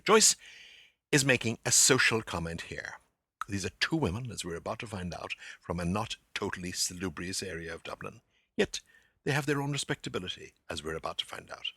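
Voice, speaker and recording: A low-voiced man hosts a literary lecture podcast, his tone bright and forceful over a gravelly, husky grain. He talks in a theatrical, animated way and drops playful asides to his audience. The recording is dry and close. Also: a little fast, dry recording.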